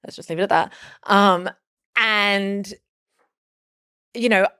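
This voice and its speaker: A woman's voice: medium pitch, takes it slowly, a bit bright, clean tone, no room sound, studio quality. A woman in her thirties, a podcast guest, telling a personal story in casual conversation, rambling with many fillers and restarts.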